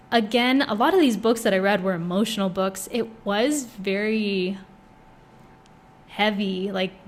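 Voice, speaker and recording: Young woman gushing chattily about books. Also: fairly high pitch. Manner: gushing, chatty, many fillers. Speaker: book vlogger. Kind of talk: casual chat book review.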